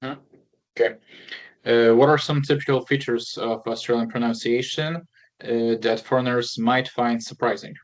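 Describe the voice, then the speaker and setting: A man interviewing a guest, asking measured questions with some fillers. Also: medium pitch, level tone. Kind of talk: conversational interview.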